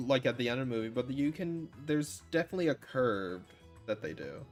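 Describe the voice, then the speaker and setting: A man's voice: mid-range voice, expressive, fairly quick, soft background music. Easygoing man chatting, laughs often. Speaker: co-host guest. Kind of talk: casual chat.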